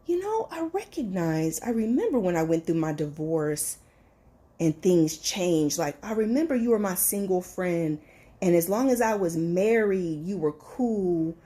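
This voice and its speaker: A woman's voice: fairly low pitch, animated, a little slow, mellow. A middle-aged woman, a life coach hosting her own show, talking bluntly and animatedly in casual slang as she acts out the voices of friends. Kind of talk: motivational monologue.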